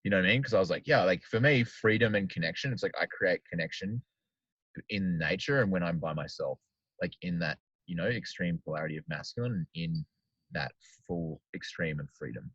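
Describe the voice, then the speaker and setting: A man's voice: low-pitched, fairly quick, fairly bright tone, slightly rough, no room sound. A man hosting a podcast, chatting casually and rambling with lots of "like". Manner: rambling, heavy use of "like". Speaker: podcast host. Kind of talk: casual chat. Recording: dull lo-fi, dry sound.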